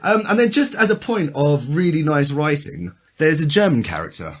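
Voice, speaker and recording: A male podcast co-host chatting casually, with a slightly husky voice. His pitch moves around a lot as he rambles, restarts his sentences and makes sarcastic asides. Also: very animated, moderate pace. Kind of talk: casual chat.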